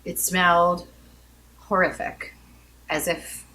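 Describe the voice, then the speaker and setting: Bright-voiced woman in her thirties, dramatic storyteller. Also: lowish voice, slow. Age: 30s. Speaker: podcast co-host. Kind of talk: casual chat.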